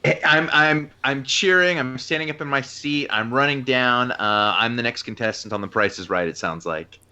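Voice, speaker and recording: A man's voice: medium pitch, moderate pace, bright, forceful tone, clean tone, muffled recording. A man co-hosting a casual movie podcast, playful and jokey. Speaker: podcast co-host.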